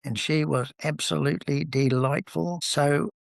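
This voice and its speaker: A man in his seventies from New Zealand speaks a little slowly in a slightly high, steady, gravelly voice with no echo. As an interview guest, he drifts through relaxed, anecdotal stories and says um a lot.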